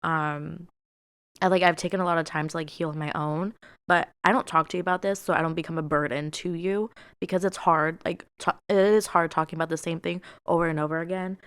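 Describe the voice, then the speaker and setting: A young woman with a low, smooth voice co-hosts a casual podcast. She talks openly and emotionally, full of fillers and restarts. Her voice is recorded close and dry. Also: steady tone, a little fast, dry recording. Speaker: podcast co-host.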